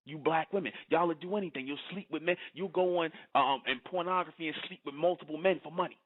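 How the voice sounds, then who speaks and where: A man's voice: fairly high pitch, quick pace. A man from the United States giving a preachy monologue, lecturing and checking again and again that the listener understands. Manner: lecturing, keeps asking "you understand?". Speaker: commentator. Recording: tinny phone-like sound.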